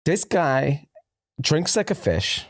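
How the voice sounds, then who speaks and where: Here a slightly high, slightly rough male voice moves at a slow pace, captured cleanly in a studio with no room sound. He co-hosts a laid-back podcast, spinning lively stories full of laughter and profanity.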